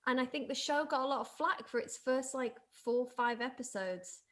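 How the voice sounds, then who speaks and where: A woman's voice: high-pitched, normal speed, a bit bright. Gushing woman hosting a watch-along. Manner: gushing and enthusiastic. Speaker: host of a live watch-along. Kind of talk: casual live-stream chat.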